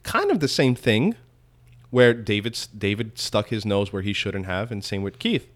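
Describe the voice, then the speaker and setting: A man's voice: fairly low pitch, expressive, moderate pace. Rambling, questioning male podcast host. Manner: rambling, questioning, many restarts and fillers. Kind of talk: casual chat.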